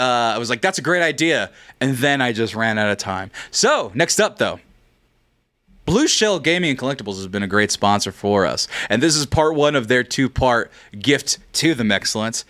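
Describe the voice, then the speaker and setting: A man runs his anniversary stream, reading out sponsor prizes in a rambling, joking way. His voice sits fairly high and swings up and down a lot, and he swears casually as he goes. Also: fairly bright tone. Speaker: podcast host. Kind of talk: livestream prize giveaway announcements.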